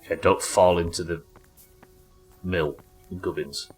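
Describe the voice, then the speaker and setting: A man streaming a game live, commenting excitably and swearing as he plays. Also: sits low, measured pace, husky, faint music behind. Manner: excitable, sweary, talking to himself.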